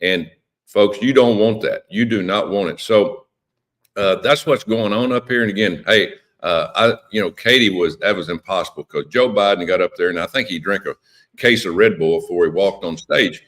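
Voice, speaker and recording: A man's voice: low-pitched, moderate pace, fairly bright tone. A man speaking as a politician guest on a radio interview, impassioned and emphatic, often repeating words.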